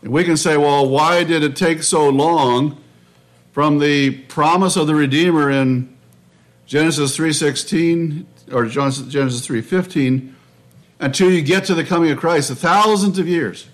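A man preaching a sermon in a measured, reflective way, often restarting his phrases. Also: a little high. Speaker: pastor.

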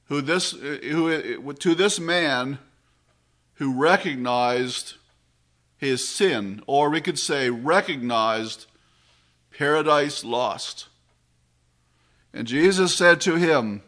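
A man preaching a sermon in a slow, measured way, his voice dropping low and soft on solemn phrases. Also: lively intonation.

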